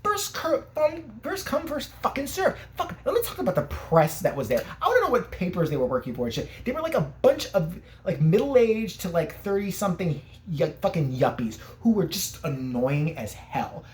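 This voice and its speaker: An animated storyteller whose pitch swings widely while ranting. The delivery is sarcastic and heavy with profanity. A faint hiss of noise runs underneath. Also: a little fast, hardly any pauses. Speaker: vlogger.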